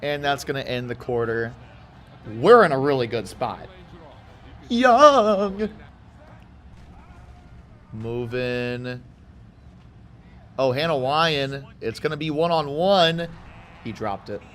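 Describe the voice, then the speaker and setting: Man, casual gaming commentary, chatty, excitable bursts, rambling asides, faint background hiss. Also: mid-range voice, normal speed. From Houston, Texas. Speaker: gaming YouTuber. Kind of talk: casual video game commentary.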